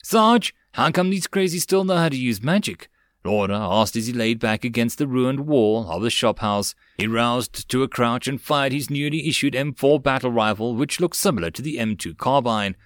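A man's voice: medium pitch, moderate pace, few pauses, dry recording. Man narrating an audiobook, dry sound. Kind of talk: web novel audiobook reading.

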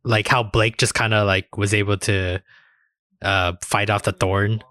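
A man co-hosting a casual podcast chat, animated, often acting out mocking quotes. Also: on the low side, measured pace, no room sound, clean studio sound. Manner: animated, mock-quotes characters, swears. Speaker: podcast co-host.

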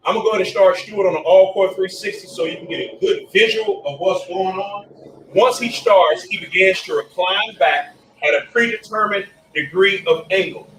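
A fairly high-voiced man walking listeners through a machine demonstration step by step. He sounds distant from the mic in a roomy space with faint background ambience. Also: normal speed, fairly bright tone, slight background noise. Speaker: equipment demonstrator.

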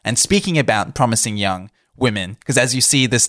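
A man's voice: medium pitch, brisk, few pauses, fairly bright tone, no echo, clean studio sound. A man co-hosting a podcast, talking in a thoughtful, reflective and slightly formal way. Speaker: podcast co-host. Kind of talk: casual chat.

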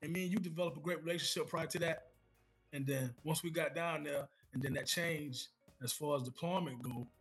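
Middle-aged male guest, husky, slightly higher voice, halting and repetitive. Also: fairly even intonation, soft background music, rough recording. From United States. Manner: halting, repeats words, warm praise. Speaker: guest, retired first sergeant. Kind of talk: casual conversation.

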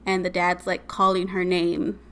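On a podcast she co-hosts, a woman casually recounts eerie stories, sprinkling in plenty of "like" and "right?". Her voice sits on the low side and is a bit bright, delivered completely flat and a little slowly.

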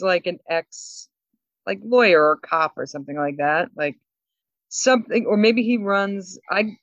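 A woman co-hosting a podcast, telling a story with lots of laughs and quick asides. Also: mid-range voice, fairly bright tone, dry recording, dull audio. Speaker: podcast co-host. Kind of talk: casual chat.

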